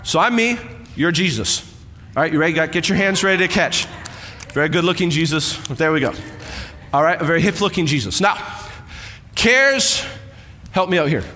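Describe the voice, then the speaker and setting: A man pastor preaching a sermon on stage, energetic and conversational, acting out a demonstration with helpers. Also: fairly high pitch, moderate pace, long pauses. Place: church stage with long reverb. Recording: reverberant church hall.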